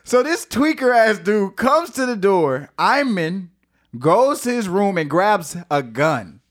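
A man from St. Louis, a singer-songwriter guesting on a podcast, telling his story in a casual, animated way with lots of fillers, swearing and laughter. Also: high-pitched, takes it slowly. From St. Louis, USA.

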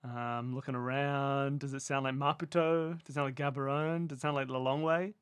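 A podcast co-host in casual chat, quizzing themselves on capitals in a playful, think-aloud way that swings between loud and murmured. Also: medium pitch, steady tone, normal speed, smooth, no room sound, clean studio sound.

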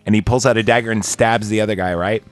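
A man's voice: lowish voice, steady tone, fast talker. A man hosting a casual chat, retelling a movie scene with lots of fillers and acting out the characters' lines. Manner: rambling with many fillers, acting out quoted lines. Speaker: podcast host.

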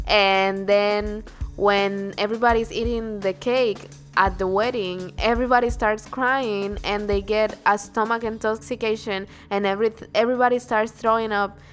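A woman in a casual conversation about a film, expressive and quick to laugh. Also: medium pitch, soft background music. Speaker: co-host discussing a film. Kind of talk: casual chat.

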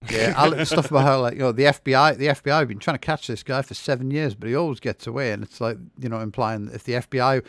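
Casting: man, podcast co-host, rambling sarcastic delivery, middle pitch, dry close sound. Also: quick pace, few pauses, fairly bright tone, no echo. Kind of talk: casual comedic chat.

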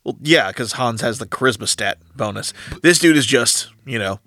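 Bright-voiced, jokey male podcast co-host. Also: mid-range voice, animated, moderate pace, no room sound, studio quality. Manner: chatty, jokey, nerdy asides. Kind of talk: casual movie recap chat.

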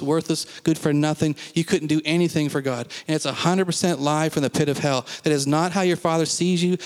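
A man's voice: on the high side, a little mellow, big-room sound. A man preaching a sermon to a congregation, emphatic, repeating phrases and asking the listeners questions. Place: church.

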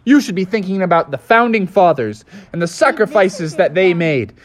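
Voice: mid-range voice, expressive, normal speed, close to an everyday voice. An adult storyteller voicing a grumpy, pompous facility owner who scolds. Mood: scolding.

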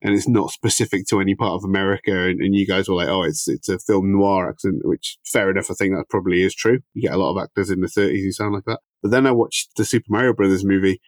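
A man with a fairly low-pitched voice chats about movies on a podcast, picking apart scenes and actors with keen enthusiasm. The sound is dry and close, with no room around it. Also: steady tone, quick pace, hardly any pauses, no echo. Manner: analytical, enthusiastic about film details. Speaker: podcast co-host. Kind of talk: casual film discussion.

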